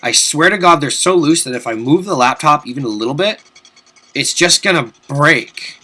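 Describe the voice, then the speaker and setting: Young male gamer, bright voice, rambling casual commentary with loud swearing outbursts. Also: fairly high pitch, lively intonation, normal speed. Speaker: let's play commentator. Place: home room at his desk.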